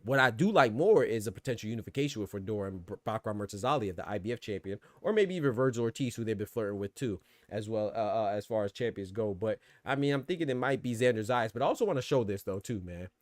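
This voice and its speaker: A man's voice: on the low side, lively intonation, quick pace, few pauses, no echo. A man hosting a podcast in casual, slangy commentary, reacting to his live chat as he goes. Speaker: boxing podcast host.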